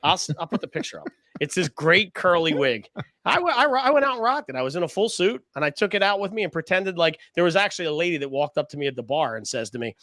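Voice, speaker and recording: A man with a fairly high voice talks fast on a dry recording, co-hosting a casual round-table podcast. He's an animated storyteller who swears freely and laughs often.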